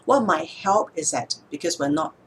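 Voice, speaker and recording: A woman speech therapist explaining speech techniques in a calm, measured way, sometimes slowing down to show a word's stress. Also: deep voice, slight background noise. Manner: calm, measured, demonstrates words slowly with stress. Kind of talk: instructional explanation to camera.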